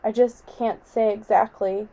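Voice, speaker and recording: A careful male doctor speaks in a subdued, matter-of-fact way, as a woman reads him aloud. The voice is mellow and even, as in a storybook reading. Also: medium pitch, measured pace, creaky. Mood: sober.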